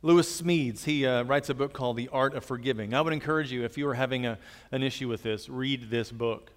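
A man preaching a sermon, earnest and gentle, telling personal stories as he speaks to the congregation. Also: medium pitch, fairly quick, in a large hall. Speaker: pastor.

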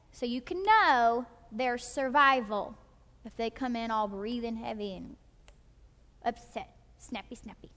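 A workshop teacher leads a group in a live session, speaking animatedly, acting out short quoted voices and regularly checking that her listeners are following. Her voice sits high, with long hall reverb on the recording.

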